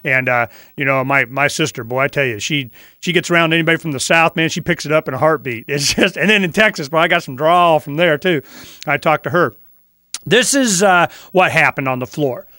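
A man from Florida hosting a talk radio show, telling stories in a rambling, animated way. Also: fairly high pitch, fairly quick, no room sound, studio quality.

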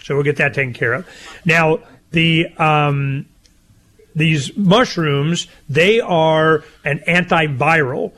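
An older man co-hosting a casual talk show, rambling and animated, with loud laughs. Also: a little high, measured pace. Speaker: co-host. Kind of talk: casual chat.

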